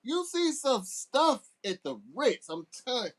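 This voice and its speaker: A man's voice: extremely high pitch, big pitch swings, a little slow. A middle-aged man, a guest DJ, telling casual stories in a laid-back way, often restarting his sentences. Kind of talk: casual storytelling.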